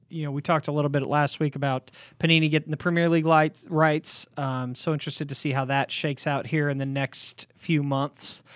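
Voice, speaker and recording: Podcast guy, kinda high voice, rambles w lots of ums, dry mic. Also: a bit bright, clean tone, dry recording. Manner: rambling, filler-heavy, easygoing. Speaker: podcast co-host. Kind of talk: casual chat.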